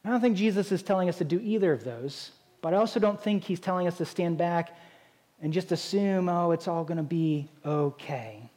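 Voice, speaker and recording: A man's voice: sits high, fairly quick, a little mellow. A man preaching a sermon as a pastor, in a conversational style with frequent rhetorical "right?" asides.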